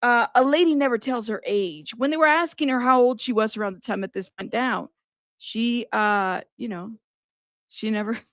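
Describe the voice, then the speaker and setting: Woman streamer, reactive live commentary, fairly high voice, dry close mic. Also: normal speed, dry recording. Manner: animated, exasperated reactions. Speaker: livestream host.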